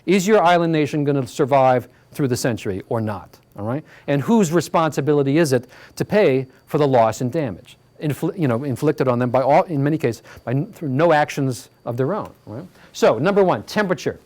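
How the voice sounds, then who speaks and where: This community hall slide talk comes from a man with a mid-range, slightly mellow voice, brisk and lively in intonation. He talks conversationally, leaning on fillers and frequent "all right?" asides to check in with the audience.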